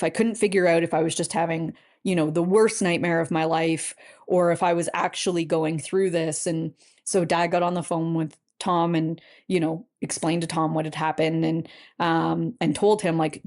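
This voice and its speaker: A middle-aged woman, a podcast guest telling a personal story in a halting, earnest way full of "you know" fillers. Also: on the low side, a little mellow. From Canada.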